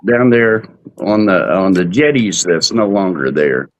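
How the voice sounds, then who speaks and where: A man's voice: sits low, animated, unhurried. A man co-hosting a casual cruise chat show, telling rambling stories. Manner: rambling storyteller. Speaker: podcast co-host.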